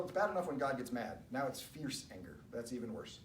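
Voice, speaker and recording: A man's voice: medium pitch, very animated, brisk, fairly bright tone. A man leading a church Bible study, reading scripture and adding conversational, wry asides with chuckles. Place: church room. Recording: echoey room, distant mic, faint noise.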